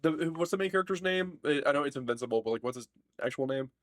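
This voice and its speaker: A man's voice: on the high side, lively intonation, fast, dry recording, studio quality. A man co-hosting a casual podcast, blunt and profane, joking a lot. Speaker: podcast co-host. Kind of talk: casual chat.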